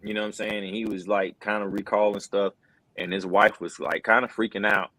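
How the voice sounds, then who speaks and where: A middle-aged man speaks in a very low, deep voice, recounting a personal story with earnest conviction. His talk is loose and conversational, scattered with "bro" and "man." The sound is dry and close, like a podcast microphone. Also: flat delivery, fairly quick, pushed and bright, no echo, poor audio. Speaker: wrestling commentator. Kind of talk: casual interview conversation.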